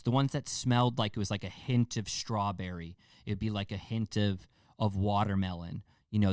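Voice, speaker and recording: A man's voice: on the low side, no room sound, studio quality. A young man hosting a podcast, rambling and joking casually with plenty of profanity. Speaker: podcast host. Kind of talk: casual monologue.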